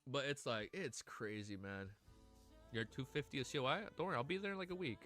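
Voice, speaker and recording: A man streaming casually, chatting excitedly with his audience, swearing and gushing, at times near tears. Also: medium pitch, fairly quick, faint music behind. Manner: excitable, swears often, gushes and laughs. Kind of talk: casual livestream chat.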